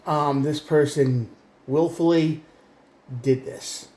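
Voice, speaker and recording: A man's voice: a little high, takes it slowly, pauses often, mellow, echoey room. A man giving a rambling, emphatic tarot reading, often restarting his sentences. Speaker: tarot reader.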